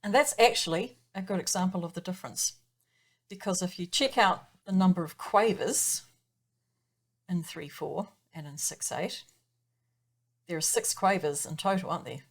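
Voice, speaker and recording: A woman teaching piano in a patient, chatty way, her voice pitched a little low. She explains rhythm step by step and counts the beats aloud in an even pulse. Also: moderate pace. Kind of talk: explaining music theory in a lesson.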